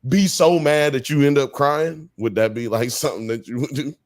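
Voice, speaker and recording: A man co-hosting a casual live podcast, talking in animated, slangy style and firing off rhetorical questions. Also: medium pitch, normal speed, no room sound, studio quality. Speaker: podcast co-host. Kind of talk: casual chat on a live stream.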